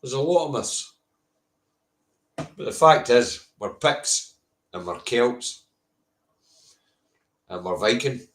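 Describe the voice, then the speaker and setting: A man's voice: mid-range voice, expressive, takes it slowly, long pauses. A man with a Scottish accent hosting a casual live stream, blunt and sweary, answering viewers' comments by name. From Scotland. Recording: roomy echo.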